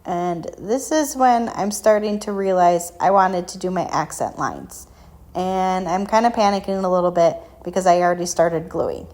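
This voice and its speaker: A woman's voice: fairly low pitch, moderate pace, a little mellow. Woman talking thru a craft tutorial, casual, lots of ums, pokes fun at herself. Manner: chatty and self-deprecating, with frequent ums. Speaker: craft shop tutorial host.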